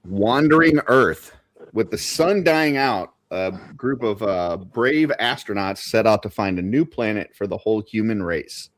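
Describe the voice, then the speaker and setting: A man hosting a podcast in casual chat, telling rambling jokes and laughing loudly. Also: fairly low pitch, animated, measured pace, no echo. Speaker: podcast host.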